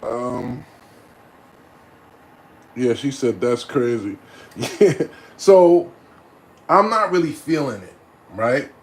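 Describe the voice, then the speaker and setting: A man telling a personal story in a casual, animated way, often laughing and adding "right?" to his lines. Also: mid-range voice, slow, pauses often. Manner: acts out voices and loud cries.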